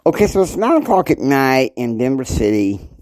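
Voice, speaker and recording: A man telling a long improvised story in a loose, halting way, full of "you know" fillers. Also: medium pitch, sing-song, a little mellow, no echo.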